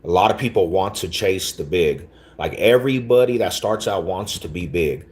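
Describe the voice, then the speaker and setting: A man's voice: low voice, lively intonation, normal speed, darkish tone. A man hosting a casual livestream, talking back to his chat in laid-back, slangy street talk, often repeating himself. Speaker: livestream host.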